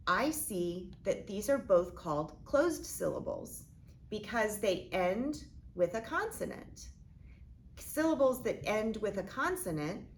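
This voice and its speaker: A woman teacher modeling a phonics lesson, speaking slowly and deliberately as she sounds out each part of a word. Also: on the low side, a little hiss or hum. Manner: slow, deliberate, sounding out words.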